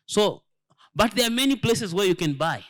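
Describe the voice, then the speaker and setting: A man's voice: high-pitched, lively intonation, moderate pace, a bit bright. A man, a church elder giving a sermon-style lesson, emphatic and full of rhetorical questions, often repeating words as he searches for them. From Zambia.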